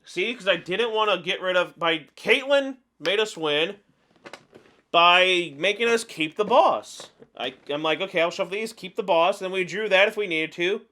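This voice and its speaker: A man giving live commentary over his own card game match, chatting through each move out loud. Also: sits high, lively intonation, measured pace. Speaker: card game video creator.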